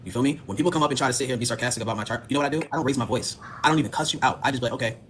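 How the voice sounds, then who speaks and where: A man hosts a livestream and talks very quickly as he urges two arguing guests to calm down. His tone is placating and casual, and faint noise sits in the background. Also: medium pitch. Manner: placating, asks both sides to calm down. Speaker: livestream host. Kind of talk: moderating a livestream.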